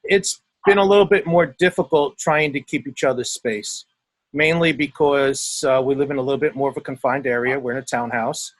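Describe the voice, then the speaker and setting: A man co-hosting a casual talk show, chatting in a relaxed way with filler words over a video call from outdoors at home. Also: medium pitch, moderate pace, no echo. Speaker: co-host.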